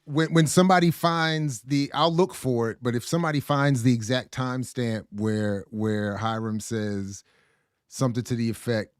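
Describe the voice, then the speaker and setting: A middle-aged man hosting a podcast in casual chat, reading out viewer comments, animated and often stumbling over his words. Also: mid-range voice, normal speed, smooth, no room sound, studio quality. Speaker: podcast host.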